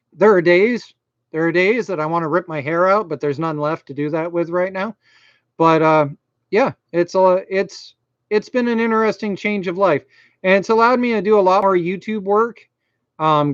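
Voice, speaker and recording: A man's voice: high voice, moderate pace, smooth, no echo, dull audio. A middle-aged man from Maine with a Maine accent and a slight lisp, chatting casually and self-deprecatingly on a live stream as a YouTube host.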